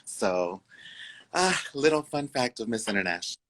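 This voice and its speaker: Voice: medium pitch, normal speed, background noise. A Two-Spirit guest telling a story in a casual interview, acting out quoted voices with lots of "I was like". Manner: animated, acts out quoted voices; uses many fillers and "I was like". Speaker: guest, incoming co-host.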